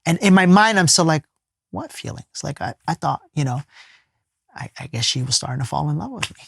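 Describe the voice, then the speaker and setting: A man, a life coach appearing as a podcast guest, telling a personal story in an earnest, emphatic way and sometimes dropping to a soft hush. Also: a little high, animated, fast talker, gravelly, husky, no room sound, clean studio sound. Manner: casual speech with many fillers and restarts.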